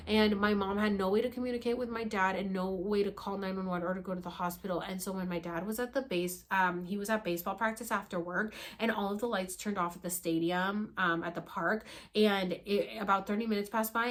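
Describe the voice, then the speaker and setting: Animated young woman telling a story. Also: mid-range voice. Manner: animated, acts out quotes, soft whispers to loud gasps. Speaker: vlogger. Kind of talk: casual storytelling.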